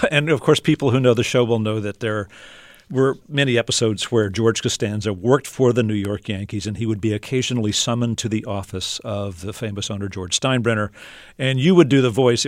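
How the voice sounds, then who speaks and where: A man hosting a radio interview, introducing clips in a measured way with small hesitations. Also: medium pitch, dry recording, clean studio sound. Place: radio studio.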